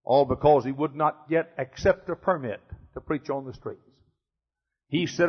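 An older man preaching a fiery sermon as pastor, emphatic and repetitive, swinging between shouts and hushed passages. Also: fairly high pitch, moderate pace, breathy edge. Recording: dull lo-fi sermon recording.

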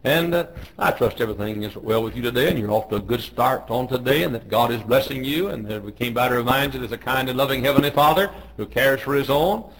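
A man's voice: medium pitch, fast talker, few pauses, fairly bright tone, low-quality recording. A middle-aged man, a pastor, telling joking stories in a folksy way on a radio devotional. He raises his voice when he quotes people.

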